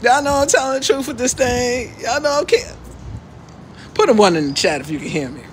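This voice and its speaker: A woman hosting a casual livestream outdoors, loud, preachy and joking as she lectures her viewers. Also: fairly high pitch, expressive, brisk, slight background noise, poor audio. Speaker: livestream host. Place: outdoors in the sun.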